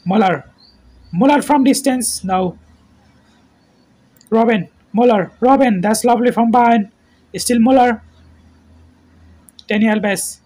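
High-pitched guy doing slow football play-by-play, short shouty calls. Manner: terse name-calling play-by-play, shouts at goals. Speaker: football commentator.

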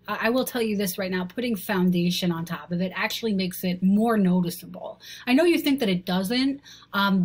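A woman hosting a comedy show, giving a snarky, rambling commentary with frequent stammering restarts. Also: medium pitch. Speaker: host. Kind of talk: mocking commentary on selfies.

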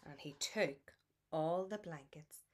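A woman reads a bedtime story aloud, her voice soft and soothing with a gentle lilt. She speaks slowly, with a lowish pitch for a woman. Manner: soft, soothing, lilting reading. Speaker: storybook reader. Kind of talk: reading a bedtime picture book aloud.

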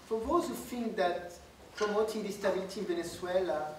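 A guest speaker with a French accent and a brisk, medium-pitched voice lectures a full room without a microphone, projecting and laughing lightly, then takes questions. The recording is distant, roomy and noisy.

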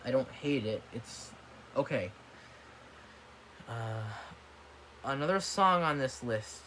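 Bright-voiced man ranting casually. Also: medium pitch, animated, slow pace, slight background noise. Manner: blunt and dismissive, swears often, gets worked up. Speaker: vlogger. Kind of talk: ranting video commentary. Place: apartment room. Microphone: tablet microphone.

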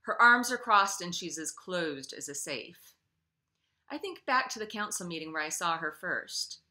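A woman author reading her own novel aloud in an expressive way, then speaking casually to her listeners. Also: lowish voice, normal speed.

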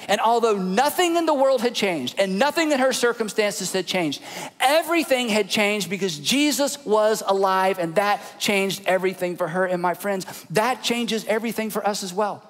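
A man preaching a sermon as pastor, telling the story with hushed, dramatic drops to a near whisper. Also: high voice, animated, normal speed. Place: church auditorium. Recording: large hall with long reverb.

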